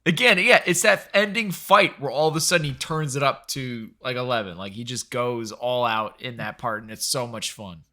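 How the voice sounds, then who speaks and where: A man's voice: medium pitch, moderate pace, hardly any pauses, sharp tone. A man co-hosting a casual film review podcast, chatty and enthusiastic. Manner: enthusiastic, chatty, agreeing often. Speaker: podcast co-host.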